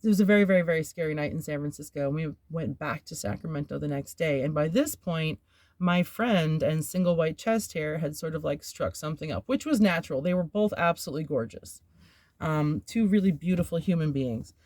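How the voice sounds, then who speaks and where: A woman's voice: low voice, a little fast, a little mellow, no room sound, studio quality. A woman hosting a podcast, telling a personal story in a candid, rambling way, with filler words and nervous laughs. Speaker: podcast host.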